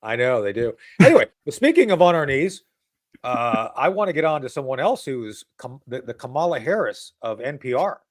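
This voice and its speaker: A man's voice: mid-range voice, big pitch swings, fairly quick. A man hosting a casual political talk show. He rambles and mocks, with many restarts and asides.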